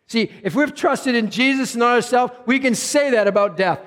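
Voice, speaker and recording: High-voiced preacher in a reverberant hall. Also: male voice, moderate pace. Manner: swings from raised emphatic lines to quiet low asides. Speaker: pastor. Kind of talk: sermon.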